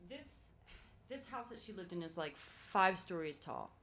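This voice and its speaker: Brief: young woman, Philadelphia accent, live storyteller, rambling and quick, lowish voice, faint hiss. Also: expressive, a bit bright. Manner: chatty, fast when nervous, lots of fillers.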